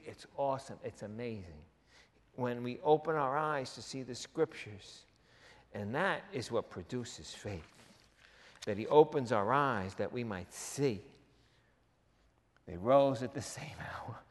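A man preaching a sermon as pastor, animated and jokey, with quick asides to the congregation. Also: medium pitch, big-room sound. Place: church hall.

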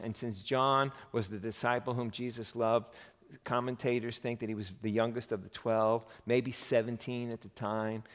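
A man preaching a sermon who jokes with his listeners and acts out the voices of the people in his story. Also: mid-range voice. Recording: long reverb of a hall.

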